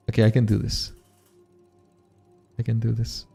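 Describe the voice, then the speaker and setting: A man's voice: on the low side, monotone, moderate pace, gravelly, warm tone, breathy edge, soft background music. A man streaming a game, chatting casually with viewers, swearing and poking fun at himself. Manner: casual, self-deprecating, swears often, laughs at himself. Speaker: streamer and modpack creator. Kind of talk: casual live-stream gameplay chat.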